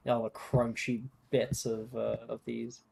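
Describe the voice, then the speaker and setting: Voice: mid-range voice, completely flat delivery, measured pace, creaky, mellow, slight background noise. A game master running a tabletop game and praising players casually.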